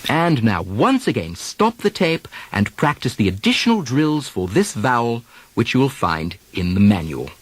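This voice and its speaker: A man teaching accent drills on a taped lesson, modeling example sentences slowly and deliberately. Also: mid-range voice, big pitch swings. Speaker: dialect coach.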